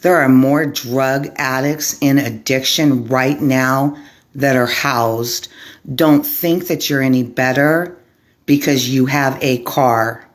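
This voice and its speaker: Slow, deliberate woman in clipped lists. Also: a bass voice, steady tone. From Arizona, USA. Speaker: vlogger, formerly homeless advocate. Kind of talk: impassioned monologue to camera.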